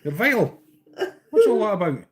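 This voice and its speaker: A woman's voice: medium pitch, big pitch swings, normal speed. A young Scottish woman teasing her cat, sweary, laughing and chatty. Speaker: fly-tying streamer. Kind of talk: casual banter with a cat.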